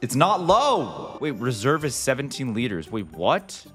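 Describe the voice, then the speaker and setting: A man hosting a gaming video, giving casual gameplay commentary with excitable, jumpy reactions and playful mock outrage. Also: medium pitch, unhurried, over music.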